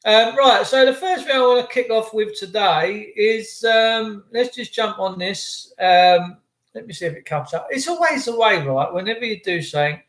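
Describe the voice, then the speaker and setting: A man's voice: sits high, animated, moderate pace, fairly bright tone, reverberant. A man hosting a casual livestream, chatting and bantering with viewers in a rambling way. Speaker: livestream host.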